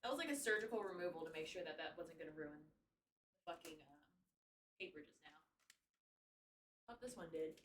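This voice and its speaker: A woman's voice: low voice, animated, brisk, long pauses, fairly bright tone, far from the mic, slight background noise. A woman streaming as she wraps gifts, chatting casually, cursing now and then and slipping into a playful put-on accent. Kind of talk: casual live-stream chat while wrapping gifts. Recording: roomy echo, speaking away from the mic.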